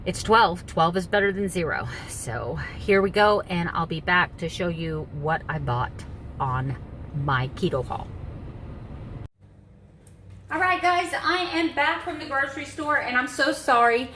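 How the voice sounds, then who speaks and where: A woman's voice: medium pitch, sing-song, unhurried, a bit bright, roomy sound, a little hiss or hum, poor audio. A woman chatting casually to her viewers in a home kitchen vlog, rambling with friendly asides. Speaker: vlogger. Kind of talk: casual day-in-the-life vlog chat.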